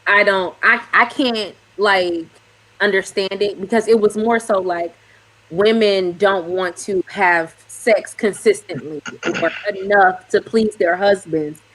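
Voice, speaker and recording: Husky-voiced woman speaking candidly. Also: medium pitch, slow pace, a bit bright, poor audio. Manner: candid, searching for words. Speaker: guest. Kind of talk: casual talk.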